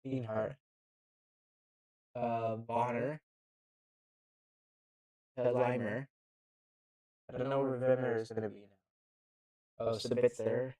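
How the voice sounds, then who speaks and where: A man giving casual live play-by-play commentary on a football match into a handheld mic, halting and often unsure of player names. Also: mid-range voice, flat delivery, mellow, low-quality recording. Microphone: handheld microphone.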